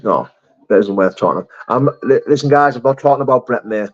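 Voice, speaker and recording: A man's voice: mid-range voice, quick pace, lo-fi sound. A man hosting a casual live stream, reading out chat messages in a blunt, laddish way with swearing and laughter.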